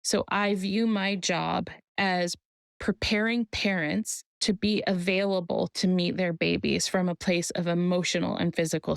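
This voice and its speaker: A woman who works in maternity care, talking in a podcast interview and telling stories in a measured, deliberate way. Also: on the low side, creaky, dry recording. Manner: measured storyteller, slow deliberate phrasing. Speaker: guest, maternity care provider.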